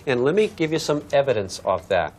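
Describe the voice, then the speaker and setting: Animated man teaching physics. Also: medium pitch, brisk. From Massachusetts. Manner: animated storyteller, acts out shouted dialogue; chatty, asks the class questions. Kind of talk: classroom lecture with demonstration.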